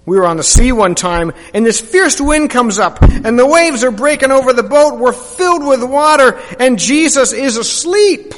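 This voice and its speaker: A man preacher performing a first-person dramatic monologue, animated storytelling that swings from hushed to loud. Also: extremely high pitch, moderate pace, hardly any pauses. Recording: long hall reverb.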